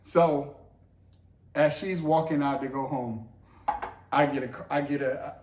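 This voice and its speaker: Man, casual co-host storyteller, animated and profane, echoey room. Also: fairly high pitch, unhurried, a little hiss or hum. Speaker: co-host, husband.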